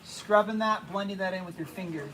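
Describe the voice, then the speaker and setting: Man, high voice, casual halting art teacher, faint classroom hum. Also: poor audio. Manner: casual, halting, repeats himself, hushes the class. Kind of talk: classroom drawing lesson.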